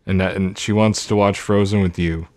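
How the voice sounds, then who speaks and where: A man co-hosting a comedy podcast, teasing the others with quick jokes and wordplay. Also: low voice, steady tone, darkish tone, no room sound. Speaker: podcast co-host. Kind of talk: casual comedic chat.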